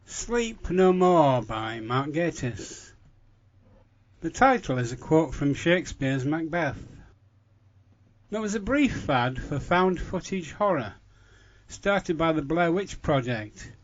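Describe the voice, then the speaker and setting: A man with a fairly high voice reads out his notes on an episode in a measured, informative tone. The recording sounds dull and lo-fi. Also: expressive. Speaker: listener sending recorded feedback. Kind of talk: read-out commentary.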